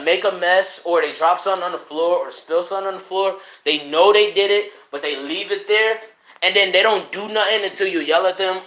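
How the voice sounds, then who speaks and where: Profane, animated young man ranting. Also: sits high, echoey room. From Connecticut. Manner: profane, animated, swings between shouting and mumbling. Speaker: livestreamer. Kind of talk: unfiltered casual rant to live chat. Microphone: streaming mic.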